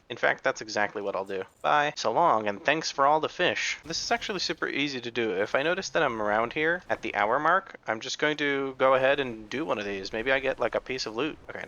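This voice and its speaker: A man's voice: medium pitch, pushed and bright, muffled recording. A man giving casual, joking commentary over his own gameplay, swearing freely and laughing often. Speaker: gaming video creator.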